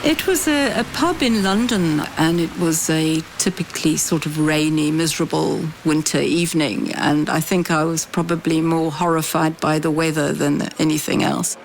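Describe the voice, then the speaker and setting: A middle-aged woman, speaking in a thoughtful, measured and candid way as an interviewee. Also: low voice, a little hiss or hum. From South Africa. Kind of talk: reflective interview testimony.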